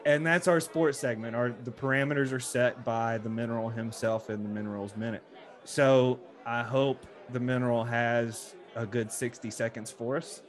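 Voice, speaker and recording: A man's voice: medium pitch, steady tone, normal speed, some chatter behind. A man hosting a casual podcast from a tavern, joking and rambling with restarts. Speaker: podcast host.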